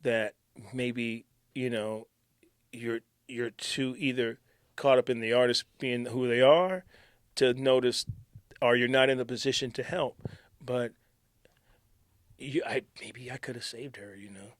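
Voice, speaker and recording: Animated male radio storyteller, dry sound. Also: medium pitch, measured pace, no echo. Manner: animated storyteller, acts out quotes, drops to near-whisper. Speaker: radio DJ recalling station stories. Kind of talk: casual storytelling chat.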